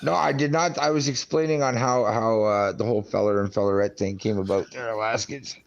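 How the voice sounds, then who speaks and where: A man's voice: lowish voice, fairly even intonation, brisk, creaky. A man hosting a casual live-stream chat, joking around and laughing often, heard through dull lo-fi audio.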